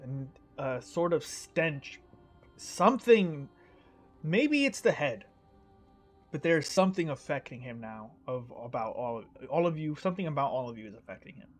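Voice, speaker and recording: A man's voice: a little high, expressive, moderate pace, soft background music. Man narrating as dungeon master. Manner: descriptive, restarts mid-phrase. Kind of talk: narrating a tabletop game.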